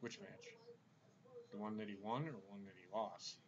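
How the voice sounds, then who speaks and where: A man's voice: fairly low pitch, fairly even intonation, normal speed, lo-fi sound, background noise. A man hosting a casual wrestling talk show, blunt and profane, who stammers as he starts a point. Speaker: podcast host.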